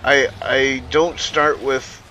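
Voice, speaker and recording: A man ranting casually to his stream chat, slow and drawn out, with a bright, forward tone. He rambles, swears and corrects himself mid-sentence. A faint hiss of noise sits underneath. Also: mid-range voice, lo-fi sound. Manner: animated, profane, rambling with self-corrections.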